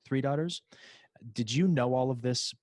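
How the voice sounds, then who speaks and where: Speaking at an ordinary pace in a mid-range, slightly mellow voice, this man hosts a podcast interview. He chats loosely and rambles, often restarting and leaning on fillers, and there is no echo.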